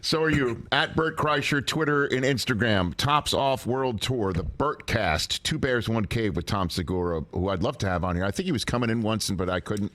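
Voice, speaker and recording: A man's voice: on the low side, normal speed, few pauses, a bit bright. A man hosting a studio talk show, chatting casually and jumping in enthusiastically. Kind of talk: casual interview chat.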